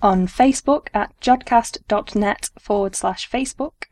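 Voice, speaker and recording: A woman's voice: mid-range voice, unhurried, darkish tone. A woman co-hosts a podcast and reads listeners' tweets. She has a friendly, chatty way of talking and an ordinary mid-range voice. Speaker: podcast co-host.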